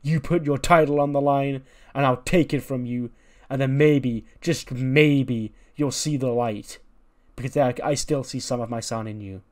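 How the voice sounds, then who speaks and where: A man's voice: mid-range voice, a little slow, darkish tone, lightly acted. A man voicing a veteran male wrestler, a stern father who speaks earnestly and with force to his son. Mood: challenging. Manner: earnest, pleading then challenging.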